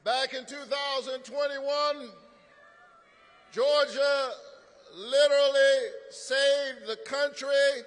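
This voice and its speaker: A man's voice: very high voice, steady tone, slow, a bit bright, slight background noise. A man, a pastor, giving a rousing political rally speech in a preacherly call-and-response style. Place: large rally venue. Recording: long arena reverb.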